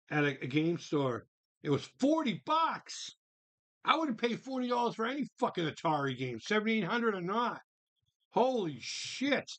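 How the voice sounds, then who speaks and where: Male stream host, casual and profane, slightly high, very animated pitch, rambling delivery. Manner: animated, swears freely, exclaims in disbelief. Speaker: livestream host reading viewer chat. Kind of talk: casual live-stream chat.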